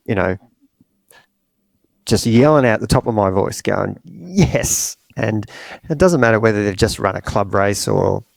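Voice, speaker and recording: A middle-aged man, a coach and podcast host, talking in a halting, emotional way with many pauses and fillers. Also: fairly low pitch, vocal fry, dry recording. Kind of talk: podcast conversation.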